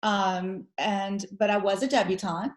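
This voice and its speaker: A woman's voice: mid-range voice, fairly even intonation, unhurried. A woman in her forties from Georgia with a Southern accent, a guest chatting casually and laughing easily. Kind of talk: casual interview chat. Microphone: video call. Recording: echoey room on a video call.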